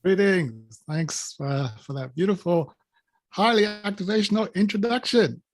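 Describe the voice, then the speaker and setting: On a video call, a man with a high-sitting voice speaks as a guest business coach. His motivational talk is playful and emphatic, and he laughs between drawn-out catchphrases.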